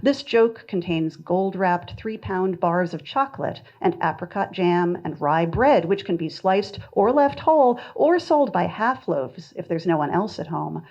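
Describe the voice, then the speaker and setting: A woman reading her poetry at a literary festival, measured in the poems and chatty and self-deprecating between them. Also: on the low side, lively intonation, a little mellow, dull audio. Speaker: poet reading her work.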